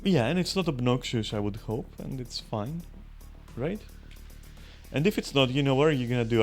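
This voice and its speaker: A man talks through his game session in a loose, teasing way, swearing and joking with viewers he cannot hear. His pitch sits in an ordinary middle range. Soft game music plays faintly behind him. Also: animated, normal speed. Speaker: streamer. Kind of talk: casual gaming commentary.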